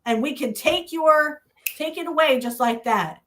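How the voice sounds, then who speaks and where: A woman's voice: high-pitched, measured pace, fairly bright tone, a little hiss or hum. A woman co-hosting a casual wrestling review podcast, talking bluntly with swearing and mocking rants. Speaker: podcast co-host.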